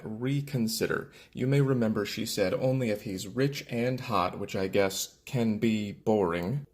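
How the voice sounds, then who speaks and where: A man's voice: medium pitch, darkish tone. A man giving matter-of-fact dating advice while walking through a chart, as in an explainer video. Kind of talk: explainer narration over charts.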